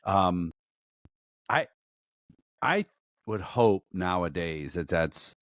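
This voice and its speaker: A man's voice: sits low, expressive, extremely slow, fairly bright tone, no room sound, clean studio sound. A man hosting a podcast in casual chat, blunt and swearing freely. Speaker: podcast host, K9 handler.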